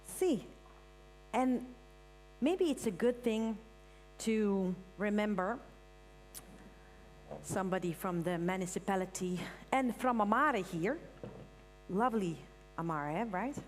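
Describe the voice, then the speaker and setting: A woman hosting a live stage event, thanking the crew and calling people up in a lively, informal way. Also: mid-range voice, slow pace, long pauses. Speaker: event host. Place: large event hall with audience. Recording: hall reverb, audience, faint hum.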